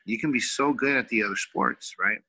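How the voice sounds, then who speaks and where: A man's voice: mid-range voice, fairly quick, bright, forceful tone, slightly rough, no room sound, poor audio. A man in his forties from California, a wrestling coach telling a heartfelt personal story in an emotional, rambling way, full of fillers. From California, USA.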